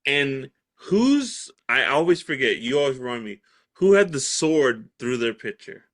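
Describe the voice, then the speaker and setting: A man co-hosting a casual podcast, his pitch rising and falling a lot as he talks. He lays out theories and throws questions to his partner, laughing readily along the way. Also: a little slow. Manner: lively, questioning, laughs easily. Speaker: podcast co-host. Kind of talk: casual chat.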